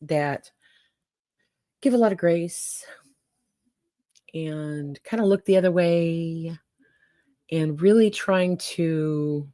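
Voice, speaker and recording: A woman's voice: low-pitched, drawn-out words, pauses often, mellow, no echo, studio quality. An older woman hosting a casual livestream, folksy and chatty, talking straight to her viewers. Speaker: livestream host.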